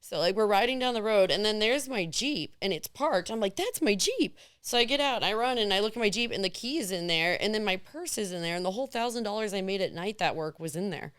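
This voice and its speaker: Wanita bercerita lincah, suara jernih dan kering. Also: female voice, mid-range voice, fast, few pauses, smooth, no echo, clean studio sound. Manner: animated, acts out quoted voices. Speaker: podcast guest. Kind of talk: candid storytelling.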